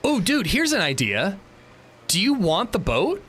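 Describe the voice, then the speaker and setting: A man's voice: high voice, huge pitch swings, a little slow, a bit bright, breathy edge. A male streamer chatting casually while gaming, swearing lightly and laughing easily.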